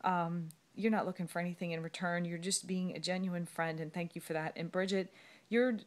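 Her voice is fairly low and steady in tone, and she talks briskly. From her bed at home, the fitness coach rambles into a phone camera in an emotional video message, trying to hold back tears.

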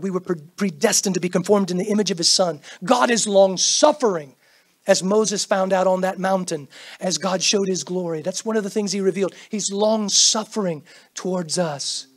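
A middle-aged man preaches in a church with a fairly high, husky voice. He swings from loud, pressing bursts to near-whispered asides and acts out the prayers and greetings he quotes. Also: moderate pace. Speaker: pastor. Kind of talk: sermon. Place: church sanctuary.

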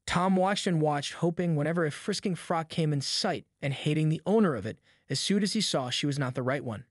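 In steady scripted narration, a man voices an audiobook of a classic story with a pitch a touch high for a male. The recording is dry and intimate, free of any room or echo.

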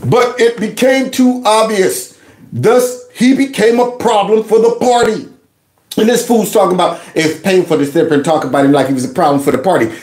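A man's voice: high voice, moderate pace, darkish tone, echoey room. A man hosting a reaction commentary, laughing and sarcastic as he mocks a clip. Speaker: host.

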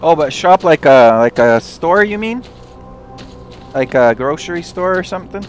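A man's voice: a little high, expressive, normal speed, soft background music. A man chatting casually and a little hesitantly while playing a co-op game with a friend. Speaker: co-op gamer. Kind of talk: casual let's-play chat.

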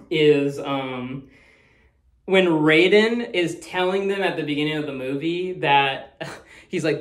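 A man's voice: a little high, a bit bright. A man talking casually as the host of a movie review, rambling, swearing freely and laughing often. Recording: roomy echo.

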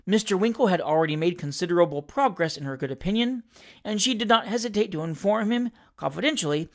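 A reader giving a scripted reading of a classic novel with expressive, lively narration. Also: medium pitch, fast talker. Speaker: audiobook reader.

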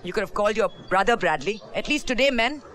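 A woman's voice: medium pitch, animated, fast, a bit bright, close to an everyday voice. An actress playing a stern mother who scolds her grown son in a film drama.

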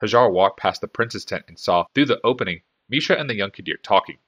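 A man's voice: fairly low pitch, expressive, fast, a bit bright. A man reading a fantasy novel aloud as a fan audiobook, telling the story expressively. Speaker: audiobook narrator.

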